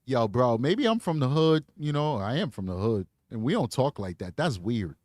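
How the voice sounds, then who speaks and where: A man hosting a live commentary stream, talking in an animated, slangy, emphatic way. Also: mid-range voice, normal speed, no room sound, studio quality. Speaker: livestream commentary host.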